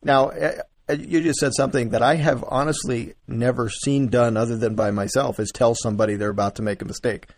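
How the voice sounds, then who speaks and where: A man hosting a casual chat about property auctions, relaxed and often chuckling as he tells stories. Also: mid-range voice, a little fast, dry recording. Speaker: real estate investor, host.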